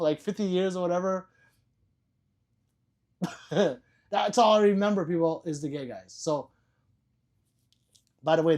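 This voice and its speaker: A man with a high, warm voice hosts a casual livestream, reading viewers' chat messages aloud. He jokes, laughs and swears freely, keeping things loose and profane.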